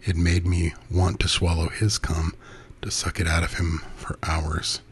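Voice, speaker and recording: A man reads an intimate first-person erotic story in a soft, breathy delivery that often sinks to a half-whisper. His voice is very deep and stays flat and even throughout. A faint noise sits in the background. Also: unhurried. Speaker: narrator.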